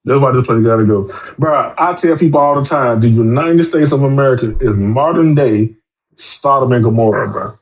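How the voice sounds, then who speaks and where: A man's voice: medium pitch, moderate pace. A man, a podcast guest, talking bluntly and profanely in casual chat and acting out the voices of people in his stories. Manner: blunt, profane, animated storytelling; acts out quoted voices.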